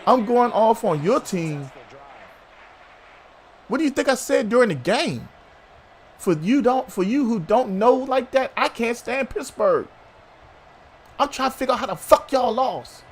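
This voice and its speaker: A man's voice: extremely high pitch, expressive, a little slow, pauses often, breathy edge. A man hosting a sports talk show, arguing heatedly with a co-host, swearing and calling him bruh.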